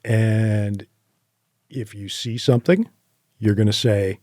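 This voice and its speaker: Man guest, low mellow voice, lively yarn-spinning, dry close podcast mic. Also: slow pace, long pauses, dry recording. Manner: animated anecdotes with quoted asides and laughs. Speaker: podcast guest, horseback hunter. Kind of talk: casual interview storytelling.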